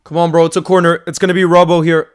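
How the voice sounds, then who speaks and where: Excitable male fan calling a match. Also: on the high side, quick pace, smooth. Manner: emotional, swings from frustrated to screaming excitement; calls play by play, repeats phrases. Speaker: fan watchalong host. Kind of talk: live fan commentary.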